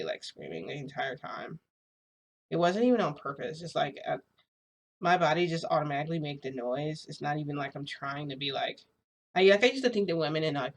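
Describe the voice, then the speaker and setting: A woman's voice: low-pitched, gravelly. Rambling young-sounding woman vlogger. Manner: rambling, filler-heavy, frequent "like"; laughs between phrases. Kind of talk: casual storytelling vlog.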